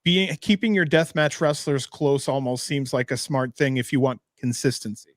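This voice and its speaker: A man's voice: mid-range voice, fairly even intonation, normal speed, no echo, clean studio sound. A man chatting on a podcast, asking long rambling questions and laughing easily. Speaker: podcast guest. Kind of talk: casual podcast chat.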